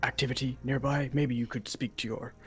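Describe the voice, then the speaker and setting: A man's voice: medium pitch, fairly even intonation, fairly quick, faint music behind, close to an everyday voice. A man playing a nervous, socially awkward doctor in a tabletop game, stammering and apologizing as he talks. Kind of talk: tabletop role-play character voice.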